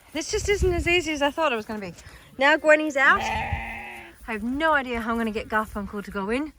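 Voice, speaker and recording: Filming on a handheld phone, a middle-aged Australian woman vlogs her animal sanctuary outdoors among the animals in farm paddocks, her voice moving closer and farther. She's chatty and affectionate, talking to the animals in a high baby voice. Slight background noise can be heard.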